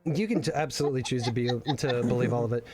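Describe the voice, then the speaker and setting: A man's voice: medium pitch, racing, a little mellow. A man narrating as game master, rambling with many fillers and restarts.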